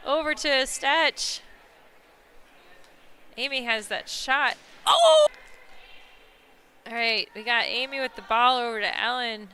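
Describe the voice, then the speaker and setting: Woman play-by-play caller, high and bright, excitable, talks straight to the viewers. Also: measured pace, pauses often, smooth. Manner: excitable, laughs and exclaims at big plays; chatty, talks to viewers watching online. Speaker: play-by-play commentator. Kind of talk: live sports commentary.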